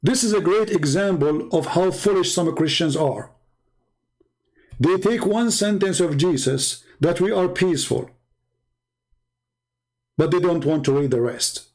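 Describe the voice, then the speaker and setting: A man talks in a fairly high voice, pressing his points hard and repeating himself. His English grammar is broken, and he tells stories in a casual, conversational flow. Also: a little slow, pauses often, darkish tone. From Middle East. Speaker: Christian apologist. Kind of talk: casual monologue with storytelling.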